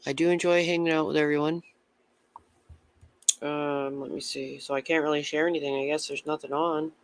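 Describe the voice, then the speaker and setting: A man's voice: a little high, little pitch movement, moderate pace, no room sound. A man chatting casually with viewers on his livestream, rambling from topic to topic and swearing freely.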